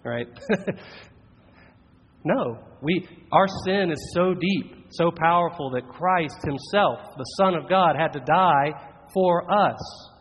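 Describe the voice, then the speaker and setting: A man preaching a sermon in an earnest, measured way, slowing down for emphatic phrases. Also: a little high, fairly bright tone, a little hiss or hum. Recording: dull audio with long reverb in a large hall.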